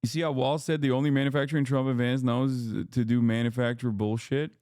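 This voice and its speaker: A man's voice: medium pitch, quick pace, no echo, studio quality. A man hosting a livestream, chatting casually and ranting with a lot of profanity. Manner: profane, ranting, animated rambling. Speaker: streamer host.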